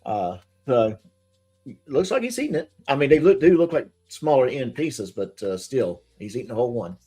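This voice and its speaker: A man's voice: medium pitch, big pitch swings, normal speed, warm tone, husky, faint music behind. A man hosting a live-stream commentary show, chatty and hesitant, with many restarts. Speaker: host.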